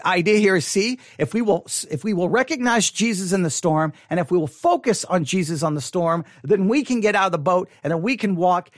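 High-voiced man teaching Bible study. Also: dry recording, studio quality. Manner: conversational, reads scripture aloud, frequent restarts and repeated words; mildly critical of typical sermons.

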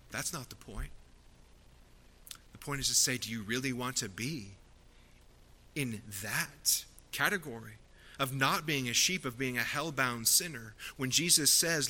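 A man's voice: medium pitch, normal speed, sharp tone. A man preaching a sermon from the pulpit, earnest and rising to emphatic peaks. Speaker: pastor.

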